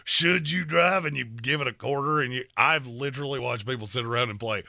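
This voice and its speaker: A man's voice: mid-range voice, creaky, no echo, studio quality. A man co-hosting a sports talk show, firing off wisecracking asides in casual banter. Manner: wisecracking, animated, quick asides.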